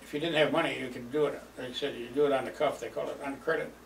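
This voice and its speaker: An older man with a gravelly voice rambles through old memories, chuckling between lines and filling pauses. He sits some way from the mic in a roomy space with a faint hum of ambience. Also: mid-range voice, steady tone, distant mic. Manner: rambling, chuckling, lots of fillers. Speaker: storyteller. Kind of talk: reminiscing oral history.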